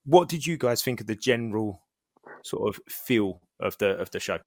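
A man's voice: lowish voice, expressive, normal speed, no room sound, studio quality. A British man hosting a casual podcast chat, rambling with many restarts and fillers. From Britain. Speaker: podcast host.

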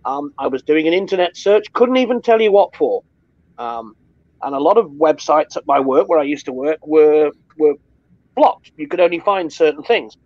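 A British man co-hosts with a chatty, wry warmth of wit and a fairly high voice. His audio is dry and a little dull, as if from a modest remote mic. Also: lively intonation, normal speed, dry recording. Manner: chatty storyteller, wry and jokey. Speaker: co-host. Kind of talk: casual live show chat.

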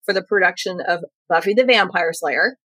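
A woman's voice: lowish voice, fairly quick, sharp tone, dry recording, low-quality recording. An American woman with an American accent in a casual, playful chat who likes to act out what others say. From United States.

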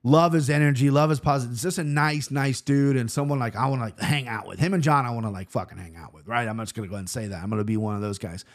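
An American man telling a long story in a loose, rambling, excitable way, swearing often. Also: medium pitch, fast, few pauses. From United States. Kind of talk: casual storytelling monologue.

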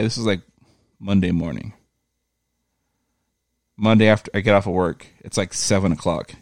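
A man with a low voice tells a rambling story in a loose, profane way and slips into voices for the people in it. The sound is dry and close. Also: normal speed, pauses often, no room sound. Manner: profane, animated retelling with quoted voices. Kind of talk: casual storytelling chat.

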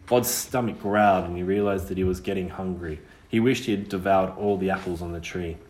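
A man reads a storybook aloud in a measured, expressive manner. His voice sits low. The recording has a roomy, echoey sound. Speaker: audiobook reader. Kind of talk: storybook narration.

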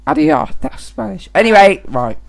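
A woman's voice: medium pitch, big pitch swings, normal speed, gravelly. A young woman co-hosting a casual podcast chat, teasing and giggling often. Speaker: podcast co-host.

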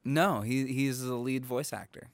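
A man co-hosting a film podcast, chatting casually with short, relaxed interjections. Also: medium pitch, measured pace. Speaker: podcast co-host.

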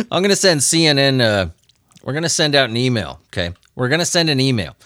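A man's voice: mid-range voice, very animated, fast talker, bright, forceful tone, no echo, studio quality. A man hosting a comedy news podcast, joking and laughing as he reads and riffs on odd stories. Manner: joking, laughs often, puts on silly voices. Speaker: podcast host.

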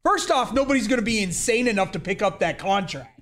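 A man with a very high voice jokes and teases as a podcast co-host. He keeps up casual, playful banter. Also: lively intonation, fairly quick, a bit bright. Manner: joking, teasing.

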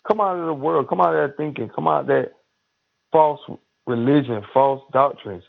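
A man in casual religious chat, preachy and emphatic, with drawn-out exhortations. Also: medium pitch, gravelly. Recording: tinny phone-line sound.

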